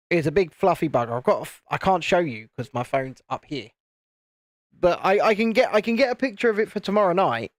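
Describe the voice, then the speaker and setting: A man's voice: fairly high pitch, no room sound, clean studio sound. A British man in his late thirties hosting a live stream, chatting casually while building, in a rambling, self-interrupting way. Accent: British English. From United Kingdom. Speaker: YouTube channel host.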